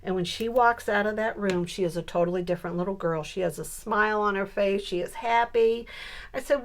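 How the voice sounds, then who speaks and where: A woman in her sixties telling a funny family story in a casual, animated way while she works on a scrapbook page. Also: mid-range voice, a little fast. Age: 60s. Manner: animated storyteller who builds to punchlines. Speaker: scrapbooking crafter.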